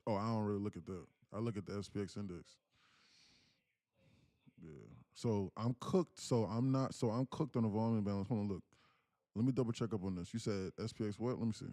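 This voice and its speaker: A man's voice: on the low side, a little fast, mellow, no room sound, studio quality. Laughing casual male trading streamer. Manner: casual, laughs a lot, talks to chat. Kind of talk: live stream commentary.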